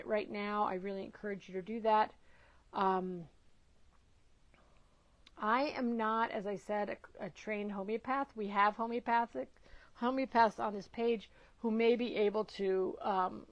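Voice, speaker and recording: A middle-aged nutrition educator with a medium-pitched voice hosts a casual live-stream Q&A in a dull, lo-fi, dry recording. She encourages her viewers and greets them by name, with a few hesitant fillers.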